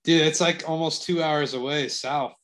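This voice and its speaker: Man chiming in with quick questions. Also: on the high side, fairly even intonation, fairly bright tone. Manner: short interjections and skeptical questions. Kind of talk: casual chat.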